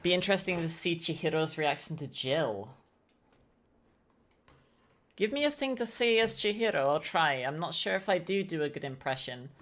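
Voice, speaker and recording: A woman's voice: deep voice, sing-song, moderate pace, fairly bright tone. A woman streaming a game, chatting casually and thinking aloud as she plays.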